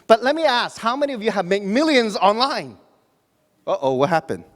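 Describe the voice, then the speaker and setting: A man in his forties, originally from Hong Kong, delivers a motivational business talk on stage. His voice sits high, and he keeps tossing jokes and show-of-hands questions to the crowd. The sound rings with the long reverb of a big hall. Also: big pitch swings, moderate pace. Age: 40s. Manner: joking, asks the audience questions, frequent restarts and fillers. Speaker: motivational speaker at a business event. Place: large hall before an audience.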